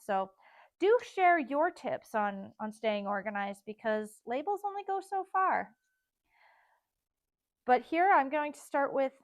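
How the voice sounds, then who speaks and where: A woman's voice: high voice, dry recording. A woman designer teaching a casual step-by-step sewing tutorial, chatting and thinking aloud as she works.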